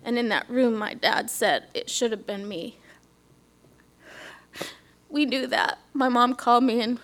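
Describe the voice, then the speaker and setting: Woman, middle-aged, slightly high voice; heartfelt church testimony, hushed at times, talks straight to the congregation. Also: creaky. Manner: earnest, drops to a whisper, asks the audience questions. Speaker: speaker giving a church testimony.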